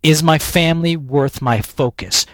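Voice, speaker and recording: An American man, a professional speaker, telling a lively story as an interview guest and often repeating words as he restarts. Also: a little high, unhurried, no echo. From United States.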